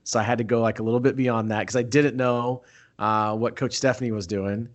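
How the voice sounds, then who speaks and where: A man chatting casually as host, telling an excitable story and acting out what people said. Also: mid-range voice, brisk. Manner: excitable storyteller, acts out quoted talk. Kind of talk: casual chat.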